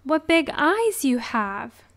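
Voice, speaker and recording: A curious, wide-eyed little girl in a red hood, as a woman reads her. She asks her questions slowly and a little higher than a plain speaking voice, as in a children's storybook. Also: very animated, fairly bright tone, full character voice. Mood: wondering.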